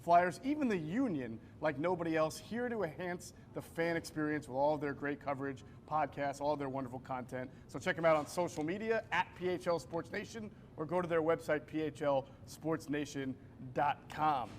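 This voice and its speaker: A man's voice: fairly high pitch, moderate pace, few pauses, slight background noise. Upbeat man hosting a pregame show. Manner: upbeat, reads promos. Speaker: show host.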